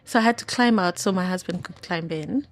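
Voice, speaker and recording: A woman's voice: lowish voice, fairly quick, dry recording. A woman from Kenya in her thirties, a podcast guest telling a personal story with emotion, laughing often. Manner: candid and emotional, laughs often, acts out quoted voices.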